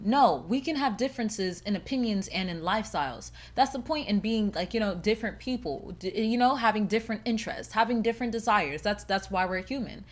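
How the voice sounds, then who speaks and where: A young woman hosting her own podcast and chatting casually on her own, blunt and profane, with laughs and lively emphasis. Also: medium pitch, brisk, few pauses. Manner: animated, with laughs and shifting emphasis. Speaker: podcast host. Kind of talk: casual solo podcast chat.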